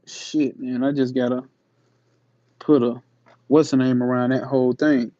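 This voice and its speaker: A man hosting his channel, reading a spiritual text aloud slowly and emphatically and breaking off into slangy, casual asides. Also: mid-range voice, level tone, dark tone, no room sound, dull audio. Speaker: channel host.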